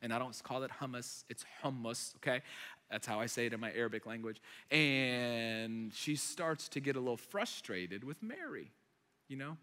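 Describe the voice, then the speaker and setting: Animated man preaching in an echoing hall. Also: mid-range voice, moderate pace. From United States. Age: 30s. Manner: animated storyteller, acting out voices. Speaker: pastor. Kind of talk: sermon. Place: large church hall. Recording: echoey hall.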